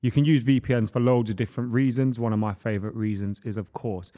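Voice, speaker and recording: A man's voice: mid-range voice, steady tone, fast, mellow. Teasing male co-host. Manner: teasing, banters with co-hosts. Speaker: football show co-host. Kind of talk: casual live football chat.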